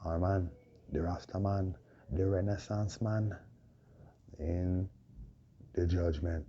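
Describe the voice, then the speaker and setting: A man with a hoarse voice, preaching a proclaiming monologue full of repeated rhetorical questions. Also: sits low, fairly even intonation, slow, mellow. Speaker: self-styled preacher. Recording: dull lo-fi recording with faint noise.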